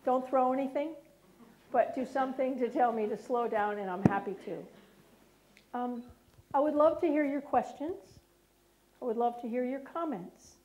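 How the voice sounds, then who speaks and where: In a lecture room, a middle-aged woman who used to be a prosecutor gives a talk, speaking slowly and chatting directly with her audience. Her voice is high-pitched and a little mellow, and the audio is dull with a slight hiss or hum.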